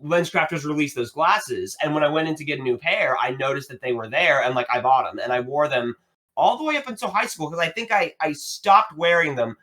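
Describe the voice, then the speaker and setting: A man's voice: a little high, a little fast. A man in his thirties, a podcast co-host, telling a story in casual chat. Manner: storytelling, animated.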